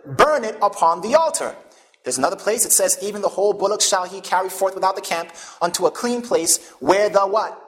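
A man preaching a sermon, pausing often to ask the congregation questions and leading them toward each answer. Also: high voice. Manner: call-and-response questions to the congregation; animated, emphatic preaching.

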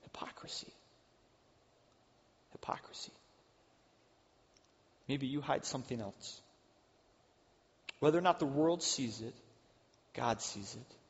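A man's voice: medium pitch, expressive, unhurried, pauses often. Man preaching in an echoing hall. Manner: earnest, shifting between loud emphasis and hushed asides. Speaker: pastor. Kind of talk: sermon. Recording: dull sound with long hall reverb.

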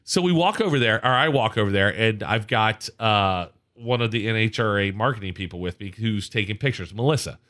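A man co-hosting a podcast, telling a story in a casual, animated way and acting out what people said. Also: on the low side, brisk, few pauses. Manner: animated, acts out quotes. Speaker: podcast co-host.

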